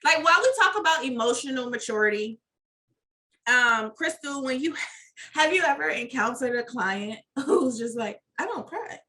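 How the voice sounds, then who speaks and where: A woman's voice: sits high, lively intonation, moderate pace, sharp tone, recorded from a distance. A woman co-hosting a podcast, playful and colloquial, often laughing. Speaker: podcast co-host. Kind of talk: casual podcast conversation.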